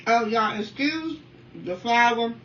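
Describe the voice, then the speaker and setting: A woman in her thirties from the Washington, D.C. area, chatting casually while eating on camera at home and keeping up a steady stream of remarks to her viewers. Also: a little high, slow. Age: 30s. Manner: talkative, keeps addressing viewers as y'all. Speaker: mukbang vlogger. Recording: dull, slightly distant sound with faint room noise.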